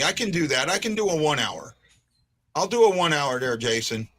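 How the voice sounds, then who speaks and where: A man chats on his fan live stream, circling back over his own phrases. His voice is bright and sits a little high. The talk is loose and informal. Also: sing-song, brisk. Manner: rambling, repeats himself and restarts. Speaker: fan podcast host. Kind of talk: casual live-stream chat.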